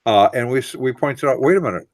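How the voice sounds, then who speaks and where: A man's voice: medium pitch, expressive, quick pace, darkish tone, no room sound. Earnest man explaining at length. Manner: earnest, explains with long winding sentences. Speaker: co-host. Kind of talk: casual radio discussion.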